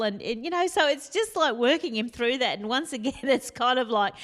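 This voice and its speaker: A woman telling funny stories casually to the camera, chatty and animated, with frequent laughs and rambling asides. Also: fairly high pitch, a little fast, few pauses. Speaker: support worker and vlogger. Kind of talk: casual storytelling.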